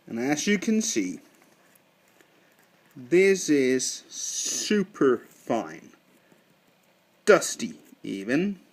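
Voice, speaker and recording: A man giving a casual product review in a slow, deliberate way, thinking aloud with fillers. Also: medium pitch, very animated, breathy edge. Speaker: snuff reviewer.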